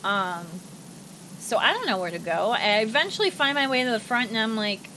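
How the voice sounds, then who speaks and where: A woman's voice: moderate pace, a little hiss or hum, rough recording. A young woman with a Midwestern accent, telling a story to her stream while playing, and her voice leaps up when she is exasperated. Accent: Midwestern American. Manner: animated, jumps high when exasperated. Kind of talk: casual storytelling while gaming.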